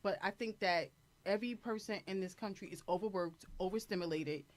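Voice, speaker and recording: A woman on a radio talk panel with a middle-pitched voice. She lays out her opinion at length in a thoughtful, conversational way. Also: a little fast.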